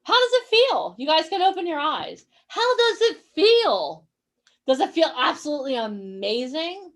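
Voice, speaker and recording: A woman's voice: high voice, big pitch swings, unhurried. A woman coaching actors and models in a motivational online workshop. She talks energetically, encourages her listeners and keeps asking them questions.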